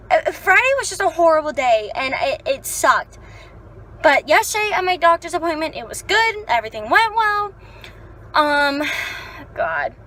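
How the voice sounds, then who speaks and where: Bright high-voiced young woman vlogger. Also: normal speed, rough recording. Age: young adult. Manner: chatty, swears freely, animated storytelling. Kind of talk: casual vlog chat.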